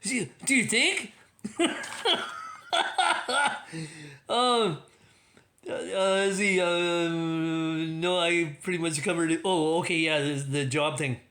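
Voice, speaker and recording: Male livestream host, slightly high bright voice, loose rambling delivery, self-amused. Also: steady tone, unhurried. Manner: rambling, many restarts, laughs at own jokes. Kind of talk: rambling casual commentary.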